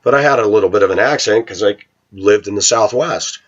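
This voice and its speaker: A man's voice: fairly low pitch, a little fast. A middle-aged man talking to his viewers in a rambling, opinionated monologue. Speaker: vlogger. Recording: dull lo-fi recording.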